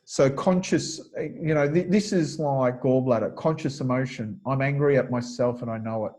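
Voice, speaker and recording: A man's voice: medium pitch, moderate pace, darkish tone, low-quality recording. A man teaching a webinar lecture over a video call, explaining step by step and thinking aloud with frequent fillers. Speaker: kinesiology teacher.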